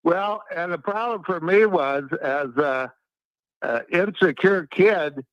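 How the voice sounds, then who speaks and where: An older man calls in to a chat show, rambling and self-deprecating in a smooth, slightly raised voice. The sound is dry and lo-fi, like a dull call-in line. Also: sits high, slow pace, no echo. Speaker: caller.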